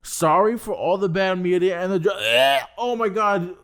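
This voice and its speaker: A man's voice: high voice, expressive, moderate pace, fairly bright tone, smooth, voice pushed up. A man putting on a groveling, stammering football player begging forgiveness. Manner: simpering, stammering mockery.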